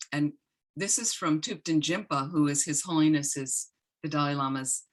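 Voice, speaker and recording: A woman with a notably low voice gives a Buddhist teaching, weaving a personal anecdote into the lesson. She speaks gently and earnestly, circling back and restarting her sentences as she goes. She sounds middle-aged and unhurried. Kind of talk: dharma talk with personal story.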